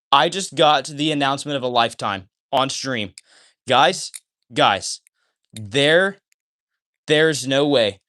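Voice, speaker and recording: A man hosting a casual livestream who talks while flipping a balisong. He gets excitable and keeps tagging sentences with "all right?". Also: medium pitch, takes it slowly, pauses often. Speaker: livestream host.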